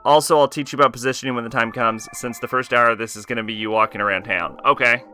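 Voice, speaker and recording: A man's voice: mid-range voice, fairly even intonation, quick pace, bright, forceful tone, soft background music. A man streaming a video game live, commenting in a wry, offhand, joking way.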